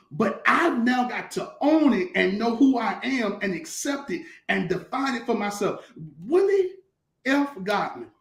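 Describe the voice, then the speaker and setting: High-voiced pastor in a roomy space. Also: male voice. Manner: emphatic, repetitive, colloquial storytelling. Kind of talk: conversational talk-show teaching.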